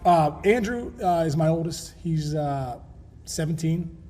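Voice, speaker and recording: Animated, slightly high-voiced storyteller man. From Pittsburgh, USA. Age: 40s. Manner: animated storyteller, quick restarts, laughs often. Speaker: guest, former pro baseball player. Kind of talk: casual storytelling interview. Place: TV talk show stage.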